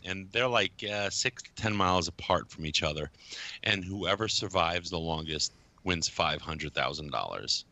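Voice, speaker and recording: Easygoing low-pitched podcast man. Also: moderate pace. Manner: relaxed, repeats words, rambling. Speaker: podcast co-host. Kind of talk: casual podcast chat.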